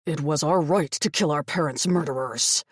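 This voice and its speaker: A woman's voice: sits low, moderate pace, slightly rough, dry recording, studio quality. A woman voicing a cold, arrogant male winged fae warrior in an audiobook, with curt, clipped replies. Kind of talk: audiobook character voice.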